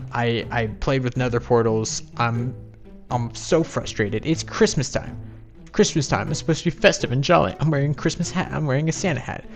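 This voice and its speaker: A man hosting a let's-play, talking through his game in a rambling, exasperated, self-mocking way. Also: mid-range voice. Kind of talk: casual gameplay commentary.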